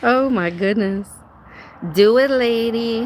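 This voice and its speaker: Woman live-stream host, unhurried, casual and sarcastic. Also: on the high side, a little hiss or hum. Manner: chatty, laughs often, greets chat viewers by name; sarcastic, says dude and y'all. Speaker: livestream host.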